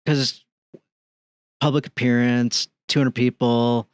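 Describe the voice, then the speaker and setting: A middle-aged man talks in a relaxed, conversational way as a podcast guest, with lively energy as he tells a story. His voice sits at an everyday pitch for a man. The recording is dry and close, with almost no room sound. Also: slow pace, clean tone, no echo. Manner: animated, acts out dialogue in his stories.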